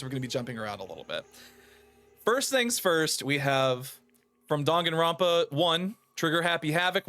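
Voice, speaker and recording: A man hosting a stream in casual chat, animated and swearing, with frequent laughs. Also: a little high. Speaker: stream host.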